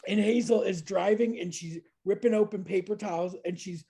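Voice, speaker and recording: A woman in her thirties telling a story in casual chat, lively and laughing, jumping into high voices to act out quotes. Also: moderate pace, breathy edge. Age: 30s.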